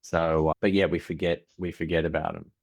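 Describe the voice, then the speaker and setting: A man in his forties with an Australian accent speaks in a low, deep register. As a podcast guest he tells candid stories, stumbling and restarting mid-sentence, and plays out his family's lines in conversation. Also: little pitch movement, brisk, creaky. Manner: frequent restarts, acts out family dialogue.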